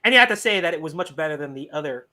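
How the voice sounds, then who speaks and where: Male co-host, high and bright tone, animated and emphatic. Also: racing. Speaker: podcast co-host. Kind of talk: casual podcast chat.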